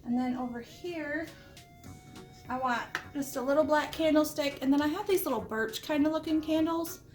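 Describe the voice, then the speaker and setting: A woman's voice: sits high, moderate pace, darkish tone, soft background music. A middle-aged woman hosting a casual home decor vlog from her living room. She is chatty and homey, with lots of small asides, and is a little under the weather with the odd cough. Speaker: home decor channel host. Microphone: camera set up nearby, moved around while she talks.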